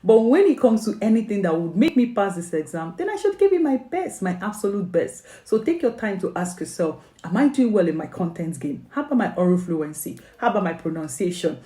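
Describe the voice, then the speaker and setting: In this motivational exam-advice video, a Nigerian-accented English tutor speaks briskly with few pauses, her mellow mid-range voice swinging widely in pitch. She coaxes her listeners earnestly, asking plenty of questions and checking "okay?" often. The recording sounds roomy.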